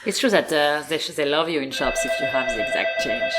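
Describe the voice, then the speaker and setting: A woman hosting a podcast interview, calm and measured as she asks questions and reflects, chatting in an apartment. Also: low-pitched, soft background music. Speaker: podcast host, diplomat. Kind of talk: casual interview conversation. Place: apartment room.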